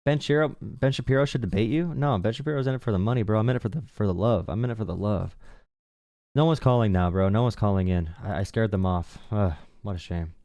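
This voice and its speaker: A man's voice: fairly low pitch, quick pace, a little mellow, no room sound. A man hosting a live political call-in stream, ranting bluntly and mockingly. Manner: mocking, blunt, says bro a lot. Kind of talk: casual streaming rant.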